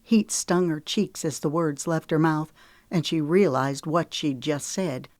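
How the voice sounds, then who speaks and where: Low-voiced woman reading an audiobook. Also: unhurried, darkish tone, no room sound. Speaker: audiobook narrator. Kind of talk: scripted audiobook narration.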